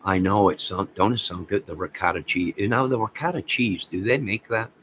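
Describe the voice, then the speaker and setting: A man hosting a casual livestream, rambling excitedly and talking to viewers by name. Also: fairly low pitch, a little fast, a little hiss or hum, low-quality recording. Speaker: livestream host reading chat.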